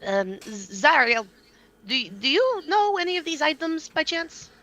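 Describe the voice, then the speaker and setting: A woman's voice: high-pitched, sing-song, a little slow, sharp tone. A woman playing in a tabletop game, chatting casually and bluntly, with the odd swear. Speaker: player.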